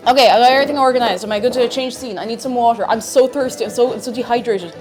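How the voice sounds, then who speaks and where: A woman streaming live, chatting casually and bubbly, loudly greeting her chat and chanting playfully. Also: a little high, very fast, hardly any pauses, faint music behind.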